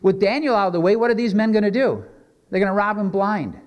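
A man's voice: high-pitched, lively intonation, fast talker. A male pastor preaching a sermon, reading scripture aloud and then explaining it in a conversational way with many rhetorical questions.

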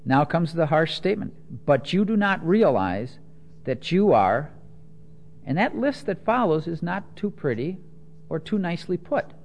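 A man preaching a teaching sermon, explaining scripture with everyday examples and moving between soft asides and emphatic quotes. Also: a little high, sing-song, measured pace.

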